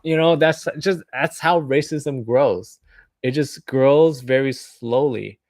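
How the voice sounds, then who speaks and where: A man's voice: mid-range voice, takes it slowly, a little mellow, dry recording, studio quality. A man vlogging alone in a casual, meandering monologue, full of filler words, sometimes acting out imagined voices.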